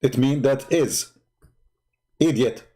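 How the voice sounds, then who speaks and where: A man's voice: mid-range voice, slow pace. Mocking man hosting a live stream. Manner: mocking, sarcastic, gets loud and excited. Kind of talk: live-streamed religious debate talk.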